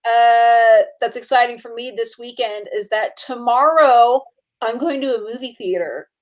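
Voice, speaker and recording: A young adult woman co-hosting a casual movie podcast. She talks in an excitable, chatty way, with lots of fillers and quick laughs. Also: a little high. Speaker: podcast co-host.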